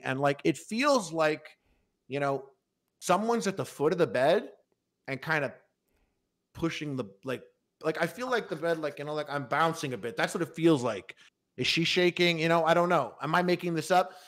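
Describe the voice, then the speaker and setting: This young man, hosting a podcast, rambles through a long casual story full of restarts and filler words. His fairly high, slightly bright voice is animated, and his pace is moderate.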